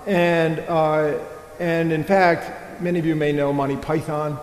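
Male priest, earnest rambling sermon, a bit high-pitched, roomy church echo. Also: little pitch movement, measured pace. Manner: earnest, digressive preaching with filler and restarts. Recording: echoey church hall.

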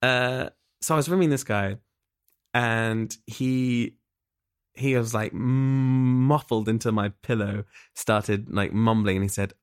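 Man, 30s, casual storyteller, frank and giggly, average pitch. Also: slow pace, clean tone. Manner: chatty, laughing often, frank.

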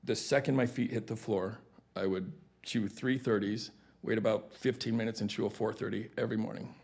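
A man's voice: fairly low pitch, fairly even intonation, fairly quick, vocal fry, darkish tone, slightly rough. A man talking candidly as an interview guest, blunt, profane and matter-of-fact. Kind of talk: candid conversational storytelling.

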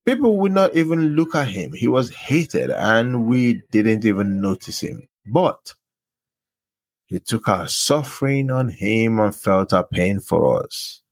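A man's voice: lowish voice, sing-song, takes it slowly, no echo. A man reading Bible verses aloud, announcing each book and verse before reading it with emphasis. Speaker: scripture reader.

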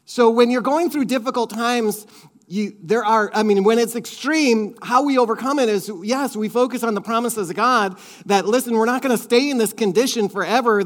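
Middle-aged male pastor, high-pitched, earnest conversational sermon delivery. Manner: earnest, conversational preaching with repeated phrases.

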